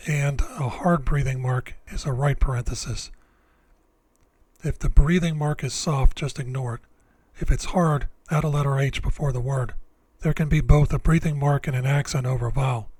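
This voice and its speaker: Man, scripted lesson narration, measured and deliberate, mid-pitched voice, dry close sound. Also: a little mellow, husky, no echo. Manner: slow, deliberate, measured explanations. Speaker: Bible language teacher.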